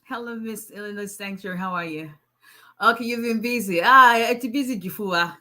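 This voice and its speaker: A woman's voice: mid-range voice, normal speed, pushed and bright. A woman, an immigration attorney casually chatting and joking with viewers on a live stream, laughing often and teasing.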